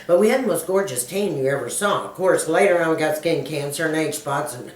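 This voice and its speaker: Texan woman in her sixties, low and folksy. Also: lively intonation, fairly quick, reverberant, recorded from a distance, low-quality recording. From Dallas, Texas. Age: 60s. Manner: folksy, chatty, calls viewers girlfriends. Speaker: motivational speaker and YouTuber. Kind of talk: casual tag video, answering questions.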